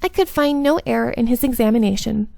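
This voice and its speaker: A calm, probing lady detective, as a woman puts her on for a visual novel reading. The voice sits high and strange, with a gravelly edge. It is recorded close and dry. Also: fast, no room sound. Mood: inquisitive. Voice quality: oddly pitched, strange put-on voice.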